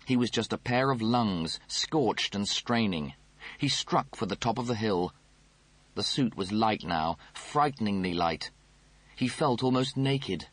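A man narrating an audiobook in a measured, dry storytelling manner. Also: fairly low pitch, expressive, no echo.

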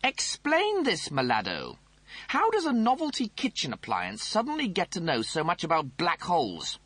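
A man's voice: a little high, wildly swooping pitch, normal speed, a bit bright, husky, no echo, voice pushed up, heavily acted. A man voicing a pompous, snappish male officer, fussy and indignant, in a storybook reading. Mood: exasperated.

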